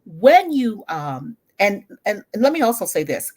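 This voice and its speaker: A woman in her sixties answering interview questions in a thoughtful, expressive, emphatic way. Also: mid-range voice, a little slow. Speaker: guest, social media word educator. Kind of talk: conversational interview.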